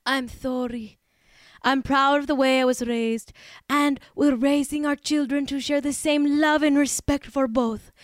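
A woman's voice: sits high, fairly even intonation, unhurried, no echo, clean studio sound. A woman putting on an exaggerated lisping Spanish-style accent, reading an apology statement in a mock-earnest way.

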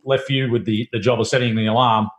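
A man's voice: medium pitch, steady tone, fast talker, a little hiss or hum. A man, a former cricketer turned TV producer, reminiscing in a rambling way with frequent restarts. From Australia. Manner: rambling, many restarts and fillers. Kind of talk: casual storytelling.

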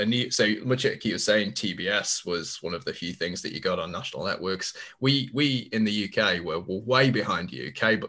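A man's voice: fairly low pitch, bright, forceful tone. A young man with a Cumbrian accent, chatting casually as a podcast co-host, laughing easily and restarting his sentences. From England.

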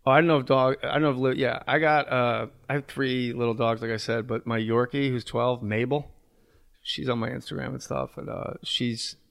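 A man's voice: medium pitch, fairly even intonation, brisk, gravelly, fairly bright tone. A comedian from New Jersey, a man, chatting on a podcast in a rambling, crude and frank way. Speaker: comedian guest. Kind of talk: casual podcast chat.

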